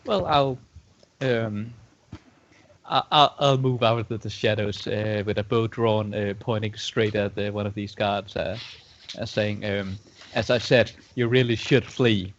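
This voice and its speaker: Gravelly, stammering player man. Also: fairly low pitch, fairly even intonation, a little slow. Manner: stammering, repeats words. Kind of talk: tabletop game play. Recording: dull lo-fi recording.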